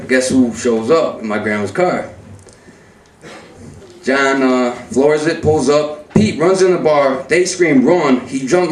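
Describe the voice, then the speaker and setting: A man's voice: medium pitch, recorded from a distance. A young man telling a profane, breathless story on stage at a live story slam. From Chicago. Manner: profane, breathless, acts out the voices of people in the story. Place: live event room. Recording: roomy echo, voice from off-mic.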